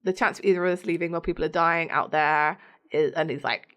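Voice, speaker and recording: A woman's voice: low-pitched, fairly even intonation, quick pace, a bit bright. A young woman co-hosting a podcast, chatting casually, laughing often and quoting characters in put-on voices. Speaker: podcast co-host. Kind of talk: casual chat.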